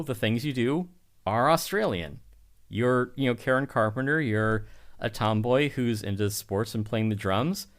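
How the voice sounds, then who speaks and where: A man's voice: mid-range voice, fairly bright tone. A man co-hosting a podcast, chatting casually in a rambling way, with lots of restarts and filler words. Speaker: podcast co-host. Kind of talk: casual chat.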